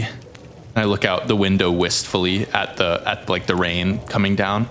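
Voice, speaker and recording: A man's voice: low-pitched, flat delivery, moderate pace, a bit bright, slight background noise. A man playing a tabletop role-playing game who describes his actions in a chatty way, with many fillers. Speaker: player. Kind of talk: casual tabletop game play.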